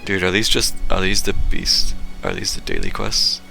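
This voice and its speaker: A male streamer in casual gameplay commentary, offhand and musing to himself. His voice is low and gravelly but bright. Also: wildly swooping pitch, normal speed, faint music behind.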